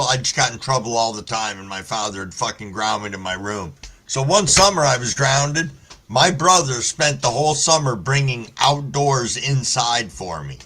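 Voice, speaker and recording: A male live-stream host with a bright, forceful voice at an ordinary middle pitch. He chats in a relaxed way and swears freely while telling stories. He also greets his viewers by name. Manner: laid-back storytelling, heavy swearing. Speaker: livestream host reading chat. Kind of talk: casual live-stream chat.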